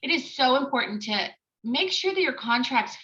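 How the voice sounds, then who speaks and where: A woman giving a webinar training on escrow and title, talking quickly and excitedly with many ums and uhs. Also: high-pitched. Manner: fast, excited talk with many fillers. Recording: slightly dull lo-fi webinar audio.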